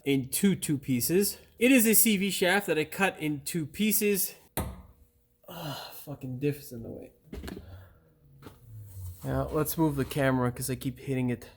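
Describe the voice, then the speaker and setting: A man's voice: a little high, a little slow, slight background noise. A man working in a garage as he explains a car repair, often frustrated and swearing under his breath, picked up by a camera mic a few feet off. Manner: frustrated, swearing and muttering to himself while working. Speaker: auto mechanic host. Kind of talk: hands-on repair tutorial. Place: auto repair garage, indoors.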